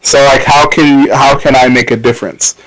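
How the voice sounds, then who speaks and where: A man's voice: medium pitch, steady tone, normal speed, rough recording. A man on a podcast talking in casual chat, stopping and restarting as he searches for his words. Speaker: podcast co-host.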